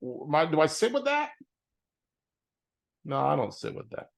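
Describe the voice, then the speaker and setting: A man's voice: fairly high pitch, wildly swooping pitch, a little slow, vocal fry. A middle-aged man telling a personal story in an earnest, emotional way, often repeating phrases for emphasis. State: tearful at times. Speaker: vlogger.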